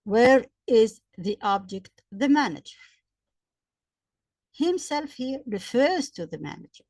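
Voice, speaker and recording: A woman gives a grammar lesson with a fairly high voice. She works through example sentences slowly and repeats each point, and her voice sounds dry and close, with little room around it. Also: very animated, darkish tone, no room sound. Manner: slow, repetitive explaining with examples. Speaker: English grammar teacher.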